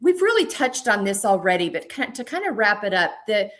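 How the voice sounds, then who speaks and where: A woman's voice: medium pitch, very animated, a little fast, a bit bright. Affirming woman podcast host. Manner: affirming, encouraging interviewer. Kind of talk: conversational interview.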